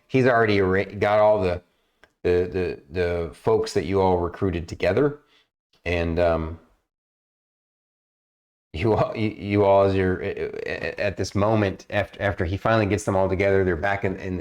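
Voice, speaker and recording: Give me a rambling game master, a man with a lowish voice, narrating a tabletop game. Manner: rambling, many fillers and restarts.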